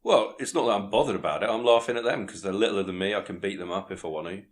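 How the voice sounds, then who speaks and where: A man's voice: on the low side, fast. A man, co-hosting a comedy podcast, delivering facts in a dry, matter-of-fact way. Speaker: co-host.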